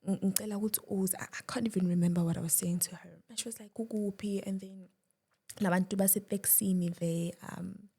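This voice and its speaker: A young woman, a guest, telling a personal story with emotion, dropping to a hush at times and restarting her words. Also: medium pitch, fairly even intonation, a little fast, gravelly, husky. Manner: shifts between loud and hushed, restarts.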